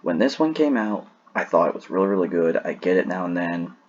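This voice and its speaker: A man's voice: sits low, lively intonation, brisk, husky, lo-fi sound. A man rambling casually as he ranks sodas in a tier list, sleepy and yawning, often restarting his sentences. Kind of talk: casual solo commentary.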